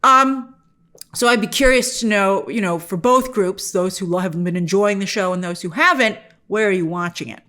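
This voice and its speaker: A woman hosting an online show, giving a casual spoken review with animated, exasperated energy and asking the viewers questions. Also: mid-range voice, moderate pace. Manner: animated and exasperated, often mock-quoting characters; talks directly to the viewers with questions.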